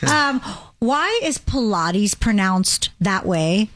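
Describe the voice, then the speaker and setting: A woman's voice: a little high, sing-song, measured pace, a bit bright, dry recording. A woman co-hosting a radio show, teasing and bantering with her co-hosts.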